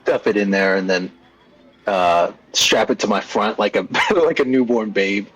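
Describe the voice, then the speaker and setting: A man's voice: lowish voice, unhurried, fairly bright tone, breathy edge, low-quality recording. A playful man taking part as a player in a tabletop game, laughing often. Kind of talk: casual tabletop play.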